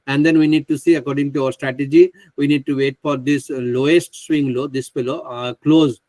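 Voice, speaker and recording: A man's voice: mid-range voice, fairly even intonation, fairly quick, a little mellow, dry recording, low-quality recording. A man teaching a live online trading class, speaking with many fillers and restarts into a computer microphone on a video call. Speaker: trading instructor.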